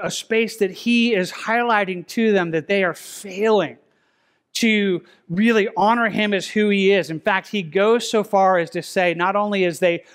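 A man preaching a verse-by-verse sermon in a conversational way, often repeating words and slowing down to read scripture. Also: high voice, a bit bright. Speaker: pastor. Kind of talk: expository sermon. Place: church sanctuary.

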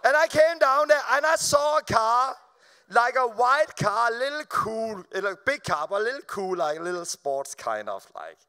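High-voiced man telling a lively testimony. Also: normal speed, smooth. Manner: animated, laughing, stop-start with repeated words. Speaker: preacher. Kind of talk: storytelling testimony. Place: live event before an audience.

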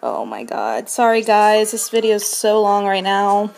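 A young woman streaming a video game, breathless and shaking with excitement, gushing and repeating her exclamations. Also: mid-range voice, unhurried, vocal fry, soft background music. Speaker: shiny hunting streamer. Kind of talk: excited live game commentary.

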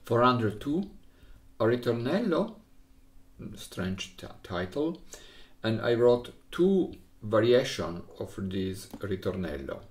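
A middle-aged man with an Italian accent teaching the recorder in halting English, counting and singing rhythms. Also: mid-range voice, sing-song, roomy sound. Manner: halting non-native English, sings rhythms with syllables. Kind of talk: music lesson.

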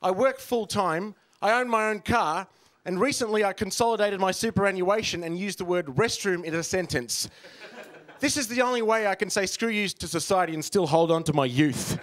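High-voiced stand-up comic. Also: male voice, moderate pace, fairly bright tone. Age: 30s. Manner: rambling, self-deprecating, full of fillers. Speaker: stand-up comedian. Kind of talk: stand-up comedy set.

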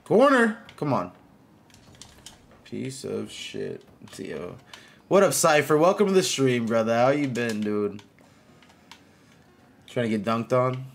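A man streaming a game live, chatting casually with viewers, greeting them by name and reacting out loud to plays. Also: medium pitch, animated, takes it slowly, gravelly, long pauses.

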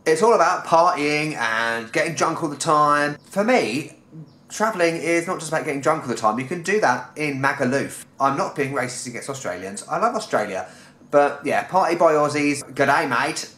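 A man's voice: on the high side, animated, normal speed, a bit bright. A young man from London ranting in a sarcastic, exasperated and sweary way in a comic travel vlog. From London, England. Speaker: travel vlogger. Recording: echoey room.

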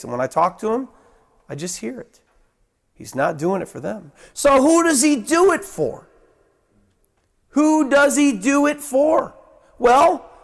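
A pastor with a very high voice preaches a sermon, swinging between raised, emphatic lines and hushed ones. He repeats phrases for emphasis.

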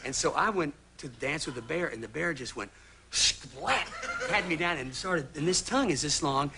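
A man's voice: on the high side, brisk. A man telling a rambling, jokey story as a talk show guest and acting out the voices in it. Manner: rambling, jokey, acts out voices in his stories. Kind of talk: animated anecdote telling. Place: talk show studio with audience. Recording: old TV broadcast, audible hiss.

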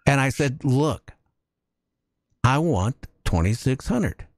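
A man hosting a casual talk radio show, telling jokey stories with lively energy. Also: mid-range voice, slow, dry recording, clean studio sound. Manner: animated storytelling, jokey.

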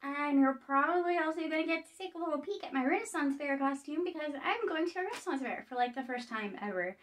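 A bubbly woman in her late thirties rambling through an unboxing vlog with gushing excitement. Her voice sits high and bright. She sounds a little distant from the mic. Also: fast. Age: 30s. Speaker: vlogger.

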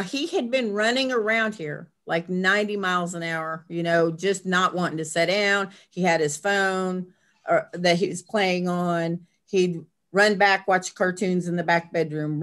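An older woman, a grandmother, chatting as a guest in an interview and telling a family story in a casual, animated way. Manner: chatty, acts out family quotes with lively pitch jumps. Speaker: guest, herbal blend maker.

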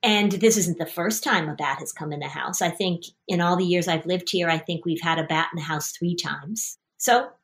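A woman's voice: lowish voice, moderate pace, hardly any pauses. A middle-aged woman therapist hosting a session, coaching a parent and child and telling stories with acted-out voices. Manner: lively storyteller, acts out scenes with voices. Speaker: anxiety therapist and podcast host.

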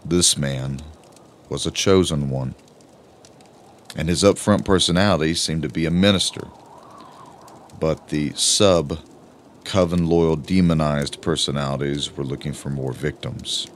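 Man, audiobook narrator, extremely low voice, measured slow delivery, faint hiss behind. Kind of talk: first-person audiobook narration.

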